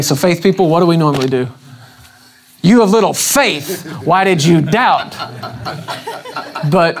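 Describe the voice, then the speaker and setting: A man preaching an evening church sermon in a casual, conversational way. He keeps asking the congregation questions and acts out the scripture quotes with shifting emphasis. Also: high-pitched. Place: church service before a congregation.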